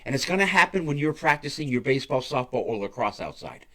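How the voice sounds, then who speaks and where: A man's voice: mid-range voice, very animated, fast, fairly bright tone. A man hosting a weather forecast show, talking bluntly and emphatically, repeating his warnings and swearing freely. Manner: blunt, profane, emphatic and repetitive. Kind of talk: casual weather forecast talk.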